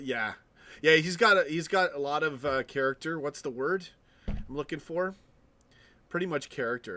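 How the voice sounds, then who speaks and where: A fan channel live streamer, male, with a medium-pitched and fairly bright voice, rants casually on his stream. He swears often, restarts his thoughts, and throws asides to viewers.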